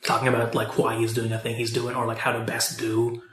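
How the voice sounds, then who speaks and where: A man's voice: medium pitch, monotone, a little fast, a bit bright, roomy sound. A man co-hosting a podcast, chatting casually about movies and TV, rambling with lots of fillers and restarts. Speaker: podcast co-host.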